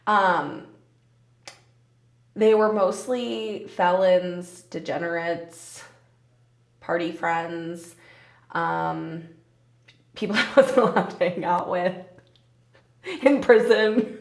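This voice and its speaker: A woman's voice: fairly low pitch, extremely slow, creaky, long pauses, echoey room. A young woman in her twenties hosting a casual solo podcast, candid and swearing freely, often breaking into laughter. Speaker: podcast host.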